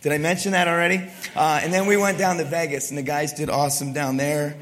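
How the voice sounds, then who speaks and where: Middle-aged male pastor, hoarse and raspy, preaching casually in a long-echo hall; slightly high voice. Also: level tone, quick pace. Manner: chatty and self-deprecating, then hushed in prayer. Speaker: wrestling coach. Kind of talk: sermon. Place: church sanctuary.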